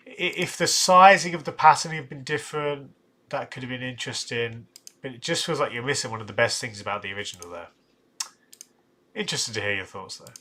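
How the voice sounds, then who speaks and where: A tired, yawning man hosts a casual live stream where he ranks football shirts. His mid-range voice is bright and forceful, and he thinks aloud, restarting sentences and tossing in asides.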